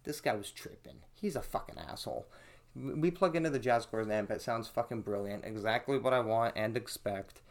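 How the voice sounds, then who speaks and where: A man's voice: fairly low pitch, brisk. Profane man telling a wild story. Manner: profane, animated storytelling, acts out quotes. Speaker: podcast host. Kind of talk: casual storytelling.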